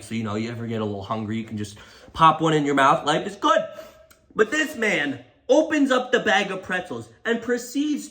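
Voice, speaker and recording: A young man telling a comedic storytime rant in an animated, exaggerated, mocking way. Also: on the high side. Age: young adult. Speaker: comedy YouTuber.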